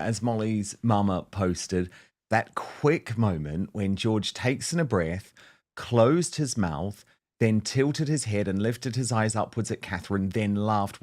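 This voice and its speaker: A man's voice: lowish voice, a little slow, a little mellow. A man hosting a casual talk show, chatting and reading out viewer comments. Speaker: show host. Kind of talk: casual chat.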